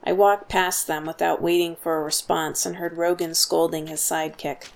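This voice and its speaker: A woman reading a first-person story as a steady audiobook narrator. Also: lowish voice, normal speed, vocal fry, hardly any pauses.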